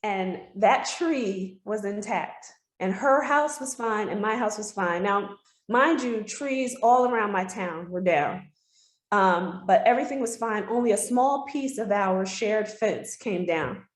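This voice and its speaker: A woman speaks in an earnest, heartfelt way, sharing a personal story as an interview guest. Her voice sits at an ordinary middle pitch. The room around her is echoey and reverberant. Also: unhurried. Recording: roomy echo.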